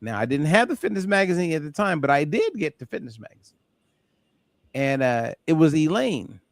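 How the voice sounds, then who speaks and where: Animated storytelling man on a call. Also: a little high, a little fast, no room sound, studio quality. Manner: animated, acts out voices in anecdotes. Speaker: host. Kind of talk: casual storytelling on a group call. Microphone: call audio.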